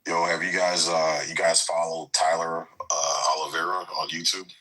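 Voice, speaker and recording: A man's voice: low voice, little pitch movement, moderate pace, bright, forceful tone, rough recording. A man hosting an online audio room, talking in a profane, slangy way with lots of "bro" and "man".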